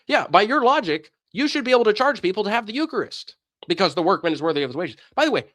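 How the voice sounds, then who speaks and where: A man in a casual commentary rant, his slightly high voice swinging widely as he mocks and scoffs. The sound is dry and close, with no room around it. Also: quick pace, dry recording. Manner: animated, sarcastic, mocking. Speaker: streamer, commentator.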